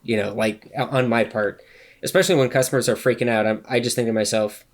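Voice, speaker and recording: A man co-hosting a podcast, chatting casually in a halting, hesitant way. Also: mid-range voice, fairly even intonation. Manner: halting, hesitant, many fillers and restarts. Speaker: podcast co-host. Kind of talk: casual chat.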